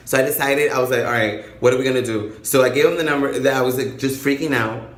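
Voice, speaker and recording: A man telling a story to camera in a casual vlog, animated and dramatic, with lots of swearing. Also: mid-range voice, fast talker, few pauses, echoey room, slight background noise. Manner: animated, profane, dramatic retelling. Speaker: vlogger.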